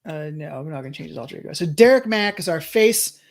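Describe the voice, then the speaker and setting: Animated, fast and gravelly, this mid-range voice belongs to a young adult streamer running a wrestling management game. The let's-play commentary is casual, with thinking aloud, chuckles and frequent restarts as chat gets read.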